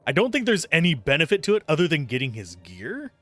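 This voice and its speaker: A man's voice: on the high side, wildly swooping pitch, quick pace, fairly bright tone, no echo, faint music behind. A man giving casual, wry commentary while playing a game. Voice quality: chatty, wry, self-amused. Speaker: game streamer.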